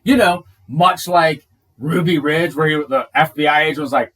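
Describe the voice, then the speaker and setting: A man's voice: fairly high pitch, moderate pace, fairly bright tone, breathy edge, far from the mic. A man co-hosting a casual podcast chat, emphatic and agreeable, piling up examples to make his point. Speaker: podcast co-host.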